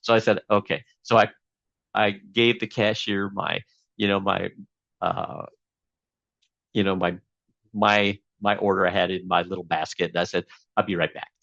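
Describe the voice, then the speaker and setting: A man's voice: sits low, flat delivery, moderate pace, creaky, long pauses, fairly bright tone, no echo, lo-fi sound. A man being interviewed as a guest, telling a long story casually with many fillers and restarts.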